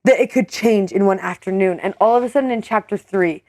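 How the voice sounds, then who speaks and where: A young woman co-hosting a podcast, telling a story in a lively way, with many fillers and quoted voices. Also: a little fast, no room sound, studio quality. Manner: animated storyteller, many "like"s, acts out quotes in a higher voice. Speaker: co-host. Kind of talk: casual storytelling.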